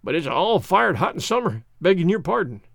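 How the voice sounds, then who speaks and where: A man reading a storybook voices a rough male Klondike dog musher with slow, drawling, plain-spoken speech. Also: high voice, very animated, dry recording, studio quality, full character voice.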